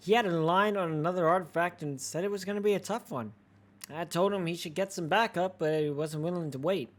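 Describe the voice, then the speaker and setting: A game streamer voicing a friendly, earnest young woman who runs an antique shop, in a soft, quiet voice. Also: medium pitch, a little fast, close to an everyday voice.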